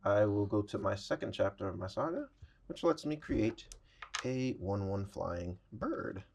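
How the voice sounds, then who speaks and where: Low gravelly man playing cards. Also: unhurried, a little hiss or hum. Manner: steady, reads card text aloud. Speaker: card game player. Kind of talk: casual tabletop play.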